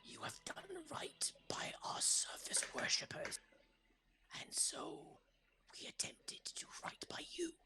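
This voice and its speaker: A man voicing a solemn, regal fish-woman leader in whispered role-play, with a breathy whisper broken by sharp gasps. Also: slow pace, lightly acted. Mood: somber.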